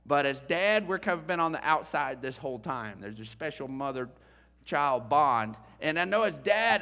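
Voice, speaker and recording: A middle-aged pastor preaching a sermon, emotional and animated, moving between soft and loud. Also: male voice, sits high, big-room sound. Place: church sanctuary.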